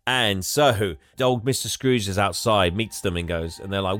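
A man's voice: lowish voice, normal speed, a bit bright. A man co-hosting a podcast, animatedly retelling a film and quizzing his co-host. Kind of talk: casual chat, film recap.

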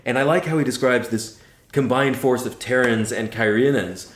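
A man's voice: mid-range voice, normal speed, slight background noise. A man co-hosting a casual book discussion podcast, talking with enthusiasm and laughing often. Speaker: podcast co-host. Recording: roomy echo.

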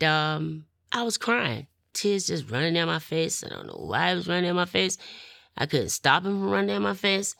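A middle-aged woman, telling her personal testimony in an animated way and acting out what others said. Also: sits low, vocal fry, no room sound, clean studio sound. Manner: animated, acts out quoted voices, laughs often. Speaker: testimony speaker.

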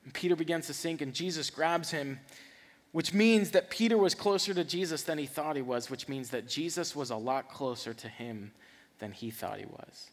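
A man preaching a sermon, reading scripture and acting out the characters with lively swings and repeated words. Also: on the high side, normal speed, in a large hall. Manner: animated, acts out scripture voices, repeats words. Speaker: pastor.

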